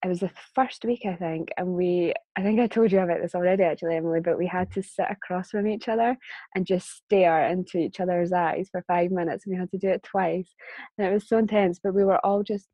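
A woman's voice: on the low side, fairly even intonation, a little fast, dark tone, no echo. A woman telling a personal story as a guest in a casual conversation, chatty and laughing often. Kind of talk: casual chat.

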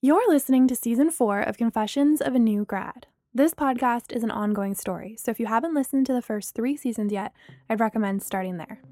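A woman's voice: fairly high pitch, brisk, mellow, no room sound, studio quality, faint music behind. A woman narrating her own first-person audio drama and playing its heroine, sarcastic and heated in the dialogue. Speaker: podcast narrator and writer.

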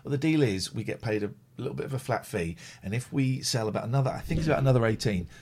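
A man's voice: mid-range voice, animated, fast talker, a little mellow, slightly rough. A man from the United Kingdom hosting a live stream show in casual, rambling, blunt chat. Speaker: show host.

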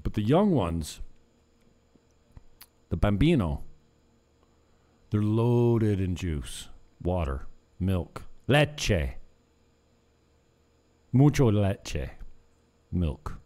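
A man chatting to his vlog audience in a loose, wandering way, trailing off and restarting his thoughts. His voice sits low and warm, and he takes his time with every phrase. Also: very animated, drawn-out words, pauses often. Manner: meandering, self-interrupting, chuckling asides. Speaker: vlogger. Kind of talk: casual rambling chat to camera.

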